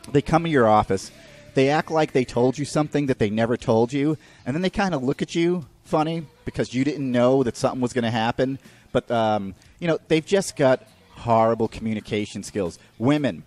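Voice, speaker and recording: A man's voice: medium pitch, a little mellow. A man hosting a podcast, ranting profanely and mocking people in put-on voices. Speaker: podcast host. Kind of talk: ranting comedic monologue.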